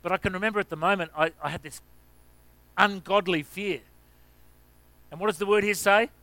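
An Australian man preaching a sermon, conversational with many restarts and asides, then climbing to loud emphatic exclamations. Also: sits high, steady tone, fairly quick, dry recording, low-quality recording. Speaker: pastor.

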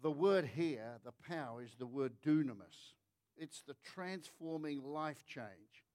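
A man's voice: on the high side, animated, a little slow, darkish tone. A man with an Australian accent preaching a sermon, emphatic and rhetorical, often asking the crowd questions. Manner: emphatic, rhetorical, repeats "how many of you know".

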